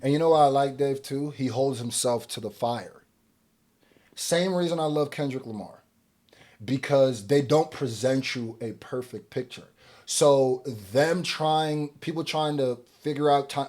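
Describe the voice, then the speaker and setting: A man hosting a music reaction video, casually commenting and swinging from quiet musing to loud, excited rants. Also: on the high side, normal speed.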